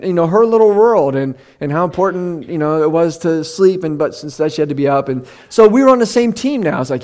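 A middle-aged man preaching in a conversational sermon, who slows down to read scripture and at times gets emotional. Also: high voice, expressive, a little mellow. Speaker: pastor.

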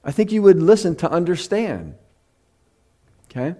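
A middle-aged man preaching in a conversational sermon, who slows down to read scripture and at times gets emotional. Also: sits high, very animated, dark tone. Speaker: pastor.

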